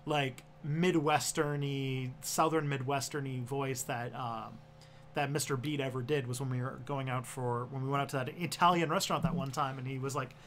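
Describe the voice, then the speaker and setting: A man's voice: medium pitch, steady tone, moderate pace, fairly bright tone, a little hiss or hum. A man from Canada with a Toronto accent, rambling and restarting sentences in a casual chat as co-host.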